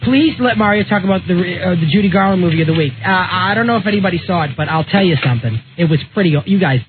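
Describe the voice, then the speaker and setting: Comedian guest: man, high and very lively, flamboyant radio banter, tinny broadcast sound. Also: background noise. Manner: flamboyant, fast, slips into voices. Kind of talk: animated radio chat with impressions. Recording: phone-like radio broadcast audio.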